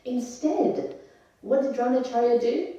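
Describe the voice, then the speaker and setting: A woman's voice: on the high side, animated, a little slow, dark tone, lo-fi sound. Woman teaching in a distant echoey hall. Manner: conversational, asks the audience questions. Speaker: scripture class speaker. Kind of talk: devotional scripture class. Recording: echoey temple hall, voice from far off.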